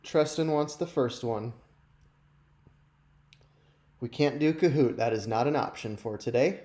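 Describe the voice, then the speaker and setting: A man's voice: medium pitch, measured pace, mellow. Chatty male youth show host, roomy echo. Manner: chatty, self-deprecating, talks straight to viewers. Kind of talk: casual live-stream chat.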